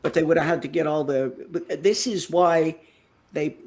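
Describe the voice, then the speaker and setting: A man's voice: on the high side, steady tone, moderate pace, darkish tone. A man co-hosting a casual political chat, reasoning aloud in a matter-of-fact way.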